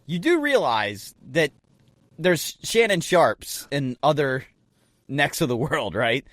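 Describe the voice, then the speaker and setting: A man's voice: fairly high pitch, big pitch swings, slow, a bit bright, no echo. A man co-hosting a casual podcast, rambling through jokes and riffs, calling his partner man and dude. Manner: rambling, riffs with jokes and bits of mock voices. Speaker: podcast co-host.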